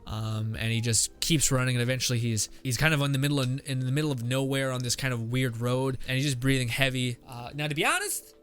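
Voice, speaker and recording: A man's voice: mid-range voice, fast talker, hardly any pauses, a bit bright, smooth. Rambling man improvising a story aloud. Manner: rambling, thinking aloud with many fillers and profanity. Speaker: podcast host. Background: faint background music.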